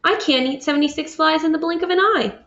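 A woman's voice: sits high, quick pace, fairly bright tone, roomy sound, pitched above the performer's own voice. A woman voicing a young boy turtle in a storybook reading, in a raised, childlike tone that swings between boastful and anxious. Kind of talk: children's picture book read-aloud. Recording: dull lo-fi audio.

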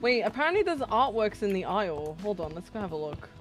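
A woman's voice: mid-range voice, sing-song, fast, soft background music. A young woman from the UK chatting casually on a live stream, reading chat aloud, with sudden shrieks of laughter. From United Kingdom.

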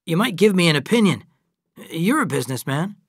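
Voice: medium pitch, sing-song, fairly quick, slightly rough, dry recording, studio quality, voice pushed up. A reader voicing a grown man who talks eagerly and persuasively.

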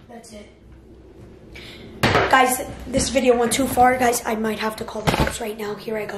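A woman vlogging in a casual, excited way, reading messages aloud and reacting with animated exclamations. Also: on the high side, moderate pace, pauses often, noisy background. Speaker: YouTuber. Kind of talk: excited casual vlog commentary. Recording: roomy echo with faint music.

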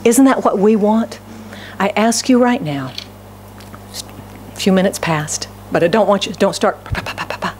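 A woman pastor preaching with fervor from the pulpit of a church, her voice pitched in a middle range for a woman. She rises to emphatic declarations and then drops to a hushed, almost whispered plea. She often turns to her listeners with direct questions. A faint hum sits under her voice. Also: moderate pace, pauses often. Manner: impassioned, swinging from raised declarations to hushed, near-whispered pleading; asks the congregation rhetorical questions. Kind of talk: sermon. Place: church sanctuary.

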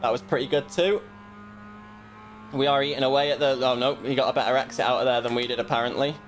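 A man's voice: mid-range voice, quick pace, slight background noise. Self-critical man commentating his own race. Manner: self-critical, muttering asides. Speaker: sim racing streamer. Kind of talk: casual commentary while racing.

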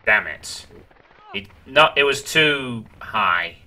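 A man's voice: medium pitch, expressive, slow pace, pushed and bright, a little hiss or hum. A man streaming a video game, thinking aloud about his moves and reacting with swearing and groans. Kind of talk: let's play commentary. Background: game music.

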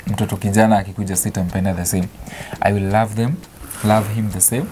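A young Kenyan man, an expectant father, chatting excitedly and affectionately in a casual family vlog. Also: lowish voice, brisk. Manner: excited, affectionate, mixing English and Swahili. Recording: noisy home video.

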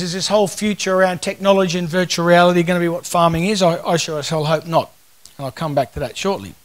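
A man in his fifties with an Australian accent, giving a casual, joking conference talk full of stories. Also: high-pitched. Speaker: conference speaker.

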